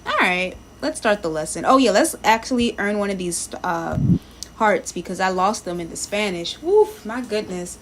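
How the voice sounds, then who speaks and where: This woman has a mid-range voice with lively intonation, a fairly bright tone, and a normal speaking speed over slight background noise. During her language-practice livestream she reads lesson material aloud, sounding out each word, and chats casually, thinking out loud and saying hello to people in the chat.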